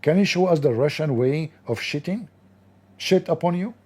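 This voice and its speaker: His voice is a little high, mellow and husky, expressive at a normal speed. Hosting a livestream, he mocks a video with scornful sarcasm and overblown disbelief, speaking in non-standard English grammar.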